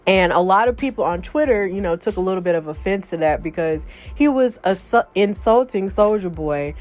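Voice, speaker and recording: A woman's voice: medium pitch, expressive, a little fast, few pauses, a little mellow, faint music behind. A woman in her thirties hosting a podcast, chatting casually and reading out online posts with exasperated asides. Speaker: podcast host. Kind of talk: casual chat, reading out social media posts.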